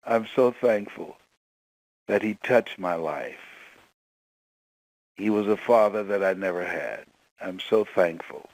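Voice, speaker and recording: A man's voice: low-pitched, slow, long pauses, darkish tone, dry recording, poor audio. A man speaking as a motivational storyteller on a call-in line, emotional and acting out quoted voices.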